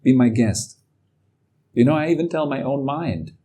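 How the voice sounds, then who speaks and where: A man giving a calm, reflective talk as a meditation teacher. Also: medium pitch, normal speed, breathy edge. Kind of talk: dharma talk.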